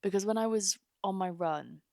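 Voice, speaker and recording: Gravelly-voiced young woman podcaster. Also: medium pitch, moderate pace, darkish tone, no echo, studio quality. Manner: earnest, rambling with many fillers. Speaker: podcast host. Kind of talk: casual heartfelt podcast monologue.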